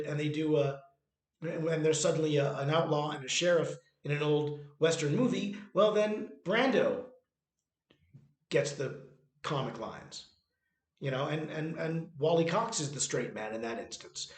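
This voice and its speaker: A man talking about his own stage play in a casual, rambling way, restarting sentences often. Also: fairly high pitch. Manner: rambling, many restarts and fillers. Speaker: playwright and author presenting his own work. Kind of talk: casual spoken commentary. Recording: echoey room.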